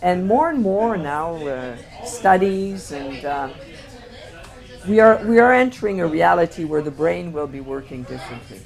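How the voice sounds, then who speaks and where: Low-voiced woman giving a halting slide talk. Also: animated, creaky, a little mellow. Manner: reflective, halting with many fillers and restarts. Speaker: speaker presenting photographs.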